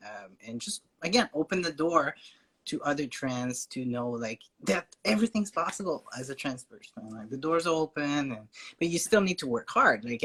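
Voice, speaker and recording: A man with a French Canadian accent, chatting as a guest in a casual conversation, hesitant with fillers and quick to laugh. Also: fairly high pitch, bright, forceful tone, slightly rough.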